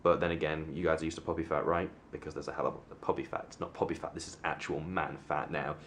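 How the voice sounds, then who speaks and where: A young Englishman talks to his camera in a hotel room, rambling and poking fun at himself, his voice sitting very low. Faint background noise runs under his casual, filler-heavy chat. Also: little pitch movement, fast talker, a bit bright. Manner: rambling, self-mocking, many fillers and restarts. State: sunburnt. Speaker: vlogger.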